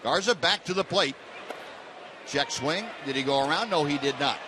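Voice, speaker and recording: A male baseball play-by-play announcer calling the game in a relaxed, conversational way with frequent fillers, over stadium crowd noise. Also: fairly high pitch, normal speed. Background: ballpark crowd.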